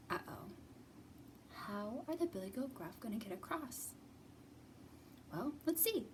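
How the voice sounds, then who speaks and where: A woman's voice: medium pitch, warm tone, a little hiss or hum. A woman leading a children's storytime as librarian, talking in an encouraging singsong way, recorded from a distance.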